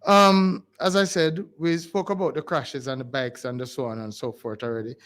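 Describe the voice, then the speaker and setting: In a radio studio, a man with a Jamaican accent runs a call-in community program, his medium-pitched voice steady, a bit bright, and at normal speed. He rambles and pleads, often starting his sentences over.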